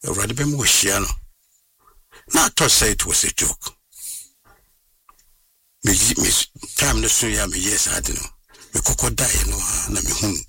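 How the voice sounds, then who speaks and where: A man, recounting a personal story as an interview guest in an animated way and slipping into English phrases. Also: on the low side, breathy edge, no room sound, far from the mic. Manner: animated, mixes in English phrases, acts out what others said.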